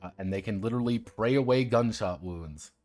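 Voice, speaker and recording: A man with a lowish, darkish voice talks fairly quickly over faint music. On a casual livestream he reviews tabletop roleplaying games, irreverent and sardonic, swearing freely as he walks viewers through the rule details.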